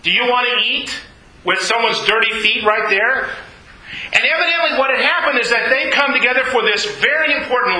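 A male pastor preaching an animated sermon, acting out voices from Bible scenes. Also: high-pitched, reverberant, low-quality recording.

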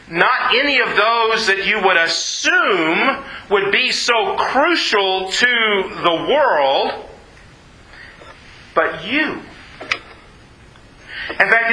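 A man preaching a sermon, emphatic, repeating words and dropping low and slow on key phrases. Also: bright, forceful tone, reverberant, poor audio.

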